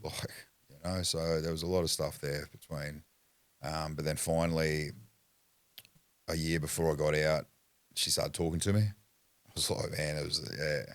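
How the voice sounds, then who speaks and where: Very deep-voiced blunt Australian man. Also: flat delivery, normal speed, long pauses, dry recording. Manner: blunt, swears constantly; rambling, restarts sentences. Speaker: podcast guest. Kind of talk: candid personal storytelling.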